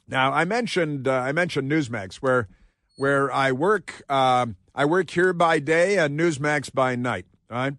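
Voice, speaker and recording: A man's voice: medium pitch, measured pace, a bit bright, dry recording. Guy ranting on talk radio, sarcastic and combative, lots of restarts, dry studio sound. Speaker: radio talk show host. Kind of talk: political talk radio monologue.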